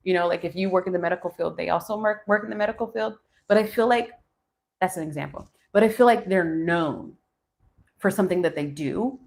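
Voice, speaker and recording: Here the tarot reader, a woman in her forties, talks on the low side with a darkish, creaky quality and a fairly quick delivery. She's doing a live reading, pondering aloud to viewers as the cards turn over.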